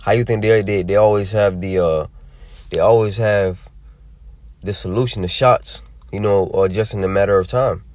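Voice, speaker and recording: Deep-voiced man preaching with drawling asides. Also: fairly even intonation, normal speed, a little mellow, no room sound. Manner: drawling, many fillers and tag questions. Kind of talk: scripture teaching.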